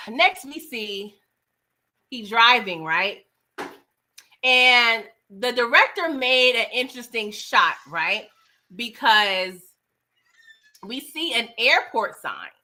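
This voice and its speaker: Bright, slightly high woman for a casual, slangy film recap. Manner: chatty, slangy, tags lines with "okay?" and "right?". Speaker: movie reviewer.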